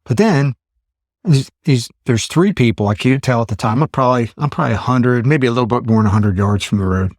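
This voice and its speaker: A man in his fifties hosts a casual podcast and tells his story with animated asides, voicing his own thoughts as he goes. His voice sits at an everyday middle pitch, and the sound is dry and close with little room. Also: brisk, no echo. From Pennsylvania. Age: 50s. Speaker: podcast host.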